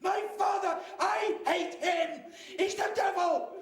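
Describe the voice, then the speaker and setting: A man voicing an angry, bitter trapped woman spirit who rants and shouts. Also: very high voice, takes it slowly, roomy sound, distant mic, some chatter behind. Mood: raging. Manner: shouting, hissing and ranting.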